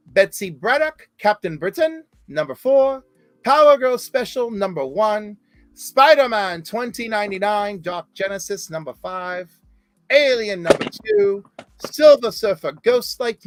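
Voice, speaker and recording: A man's voice: high-pitched, sing-song, a little slow, a bit bright, no room sound, soft background music. A man hosting a casual comic book podcast, chatty, rattling off lists of titles. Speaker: podcast host.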